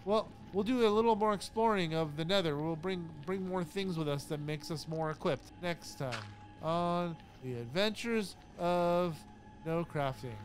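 A man voicing over his own gameplay in a relaxed, chatty way. His voice sits a little high, and he startles easily and laughs at his own mishaps. Soft game music plays faintly underneath. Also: unhurried. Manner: chatty, jumpy, easily spooked, laughs at himself. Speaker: gaming YouTuber. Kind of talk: casual let's-play commentary.

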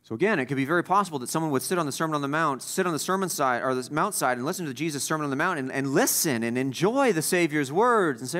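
Emphatic preacher, man with a high voice. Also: animated, quick pace, few pauses. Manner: emphatic, repeats key phrases for stress; swings between loud stresses and quiet asides. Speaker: pastor. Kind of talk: sermon.

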